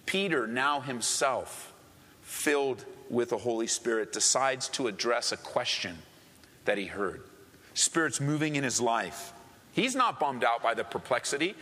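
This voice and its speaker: A man's voice: on the high side, sharp tone, in a large hall. A man preaching a sermon with earnest, emphatic repetition. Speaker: pastor.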